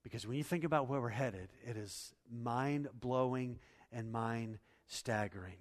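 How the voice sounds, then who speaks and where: Pastor preaching in a reverberant hall. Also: male voice, mid-range voice, a little slow. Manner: swings between quiet teaching and loud emphatic preaching. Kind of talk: sermon. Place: church sanctuary.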